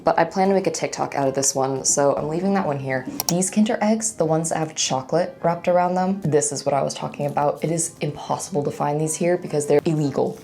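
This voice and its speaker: A young woman chatting through a casual taste-test vlog, excitable and gushing over small things. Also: sits low. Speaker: food vlogger.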